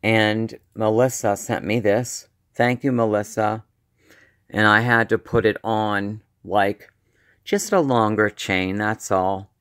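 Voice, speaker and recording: A man rambling casually through a show-and-tell video, with a slight lisp and slightly slurred speech, often halting and restarting. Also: on the low side, fairly even intonation, a bit bright, smooth. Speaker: vlogger.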